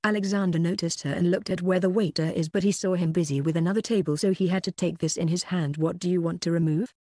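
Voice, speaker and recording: Dry, even audiobook narrator. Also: mid-range voice, fast, dry recording. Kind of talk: audiobook narration of a web novel.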